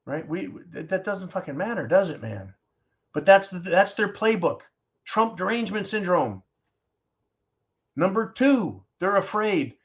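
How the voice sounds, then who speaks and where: A man's voice: high-pitched, lively intonation, unhurried. A man hosting a talk show, ranting in angry, sarcastic political commentary and answering listener comments.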